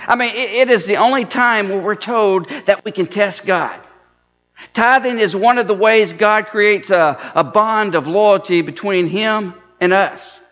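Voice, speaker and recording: A man's voice: high voice, bright, forceful tone. A man preaching an earnest sermon, repeating words and restarting phrases as he goes. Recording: dull lo-fi recording in a reverberant church hall.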